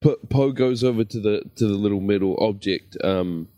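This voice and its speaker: A man's voice: on the low side, moderate pace, dark tone, no room sound. A man playing a tabletop game, hesitantly describing what his character does in the third person. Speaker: player. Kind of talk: tabletop role-play narration of his character.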